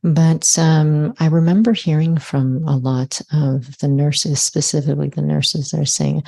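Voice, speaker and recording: A woman hosting an interview, asking questions in a soft conversational way. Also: deep voice, steady tone, measured pace, vocal fry, few pauses, dry recording. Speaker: interviewer, host.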